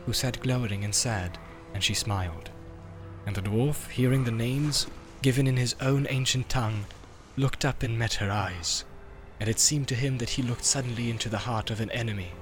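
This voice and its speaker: A man reading a fantasy audiobook in a measured storytelling voice. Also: mid-range voice. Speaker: audiobook narrator. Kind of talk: scripted narration.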